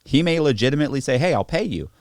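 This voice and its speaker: A man telling stories in casual podcast chat, profane and animated, acting out the people in them. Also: medium pitch, very fast, no echo, studio quality. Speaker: podcast guest. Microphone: podcast studio mic.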